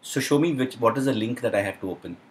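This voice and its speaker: A young man with an Indian accent hosting a casual live Q&A, chatty and excitable, with lots of uh and um. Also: medium pitch, fast talker. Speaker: live stream host.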